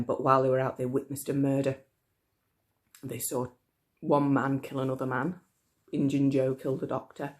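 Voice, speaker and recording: Hoarse teacher reading to the class online, croaky gravelly voice, keeps coughing and apologizing. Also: medium pitch. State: hoarse, frog in the throat. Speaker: primary school teacher. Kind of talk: casual reading aloud for pupils online.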